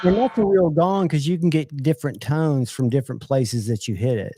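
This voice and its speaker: A man's voice: fairly high pitch, fairly quick, heavy background noise. A middle-aged man hosting a livestream, chatting casually and joking as he tells rambling stories. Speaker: livestream host.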